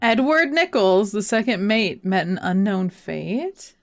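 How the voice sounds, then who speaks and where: Slow-talking playful woman streamer. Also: medium pitch, sing-song, faint music behind. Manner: chatty, self-deprecating, laughs often. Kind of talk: casual live game commentary.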